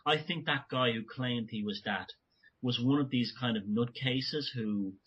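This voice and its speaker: A man speaking as a guest in an interview, animated and talking in bursts with frequent restarts. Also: medium pitch, a little slow, husky. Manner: animated, many restarts and asides. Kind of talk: conversational interview. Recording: dull lo-fi audio.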